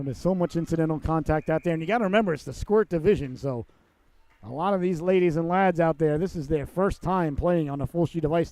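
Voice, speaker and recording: A man in his late forties calling a youth hockey game play by play, switching between excited play calls and chatty, self-deprecating asides. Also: dry recording. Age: 40s. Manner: voice rises and speeds up on rushes, drops low for asides. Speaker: play-by-play announcer.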